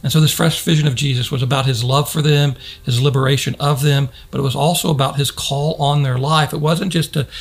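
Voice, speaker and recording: A male pastor preaching a sermon earnestly, slowing for dramatic pauses and rising for emphasis. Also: medium pitch, fairly even intonation, gravelly, husky.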